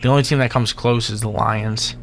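Low gravelly young radio co-host, man. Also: steady tone, brisk, a little hiss or hum. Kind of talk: casual sports radio chat.

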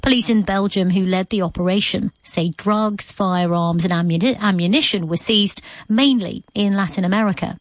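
A woman presents live radio news with a crisp, formal delivery. The studio sound is dry and close, and her pitch sits in a middle range. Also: normal speed, few pauses, no room sound.

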